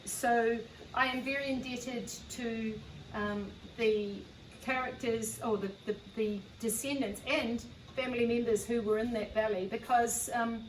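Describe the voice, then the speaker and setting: A woman's voice: fairly high pitch, steady tone, unhurried, slight background noise. A woman author with a New Zealand accent who introduces her novel in a hesitant, earnest way, with many fillers. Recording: echoey room, far from the mic.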